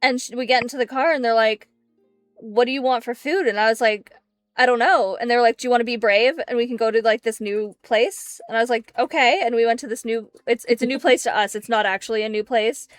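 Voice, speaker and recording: A woman's voice: fairly high pitch, fairly even intonation, fast, dry recording. A woman in casual chat before a tabletop game, telling rambling stories and laughing often. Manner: rambling anecdotes with frequent laughs. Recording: dry close mic, faint music behind.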